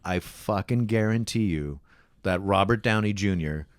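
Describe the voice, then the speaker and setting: A man from Canada, a podcast guest, in casual comedic chat, swearing and swinging into high put-on voices when he quotes people. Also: normal speed, clear, resonant tone, dry recording, studio quality.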